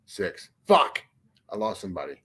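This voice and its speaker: A man's voice: lowish voice, big pitch swings, normal speed, a bit bright. A man hosting a casual livestream chat, greeting viewers and talking bluntly with heavy swearing and frequent restarts. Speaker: livestream host.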